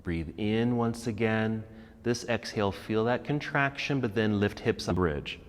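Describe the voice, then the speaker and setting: A man leading a guided yoga class, giving calm, encouraging cues about posture and breathing. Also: on the low side, a little slow, in a large hall. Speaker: yoga instructor. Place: yoga studio.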